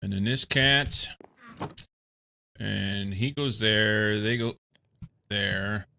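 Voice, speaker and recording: A man from England streams a game, chatting casually with viewers and musing to himself as he plays, slow and thoughtful. His voice sits on the low side, steady and creaky yet pushed and bright, with slight background noise.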